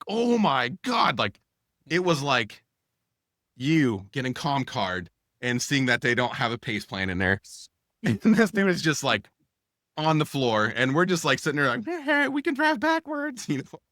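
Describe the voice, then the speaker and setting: Male podcast co-host, bright tone, casual animated storyteller, dry close mic. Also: mid-range voice, normal speed, dry recording. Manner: animated, acts out dialogue with lots of fillers.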